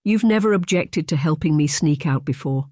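An audiobook narrator voicing a spirited, sharp-tongued young lady of the Regency era. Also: mid-range voice, lively intonation, normal speed, no echo, clean studio sound, natural voice. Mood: impatient.

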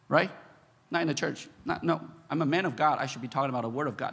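Bright, husky-voiced preacher in an echoey hall. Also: male voice, fairly high pitch. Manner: halting, many fillers and restarts, bursts of animated emphasis. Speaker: pastor. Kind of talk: sermon. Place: church sanctuary.

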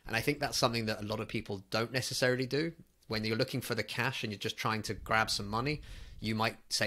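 Man, podcast host, bright forceful tone, lowish voice, emphatic casual advice. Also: fairly even intonation, fast. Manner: earnest, emphatic advice-giving.

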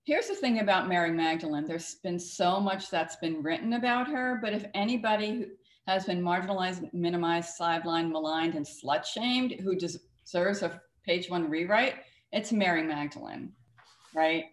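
A woman author and cartoonist with a voice on the low side, speaking at normal speed, is interviewed on a talk show in an echoey studio room. She speaks emphatically, with a storyteller's flair.

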